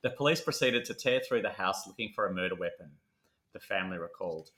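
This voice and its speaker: Casting: male podcast co-host, bright and forceful, joking between case notes, roomy echo. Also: deep voice, expressive, fast talker. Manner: jokey, reads case notes then riffs. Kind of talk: casual true crime podcast chat.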